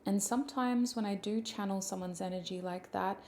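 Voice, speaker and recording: Soft-spoken woman reading tarot, gravelly and dark. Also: mid-range voice, moderate pace, slight background noise. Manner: emotional, close to tears. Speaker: tarot reader.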